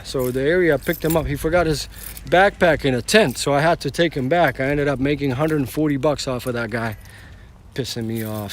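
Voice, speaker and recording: A man's voice: medium pitch, a little hiss or hum. A man driving for rideshare, telling a story on a casual live stream in a rambling way, restarting often and swearing casually.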